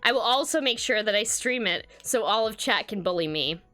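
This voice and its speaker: A woman reading out the lines of an excited young woman gamer who cheers on her friend. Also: mid-range voice, a little fast, faint music behind, voice pushed down. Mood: hyped. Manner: excited, encouraging.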